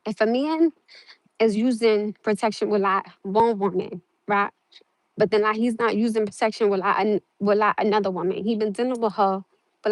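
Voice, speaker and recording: A woman's voice: mid-range voice, no room sound, poor audio. A young woman chatting casually to her livestream viewers outdoors on a phone, full of fillers and calling them y'all. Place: outdoors in hot sun near water.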